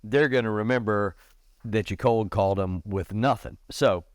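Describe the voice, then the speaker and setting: At normal speed, this middle-aged podcast guest chats casually and with energy, telling stories and performing the lines of the people in them by raising his pitch. The recording is dry, with clean studio sound.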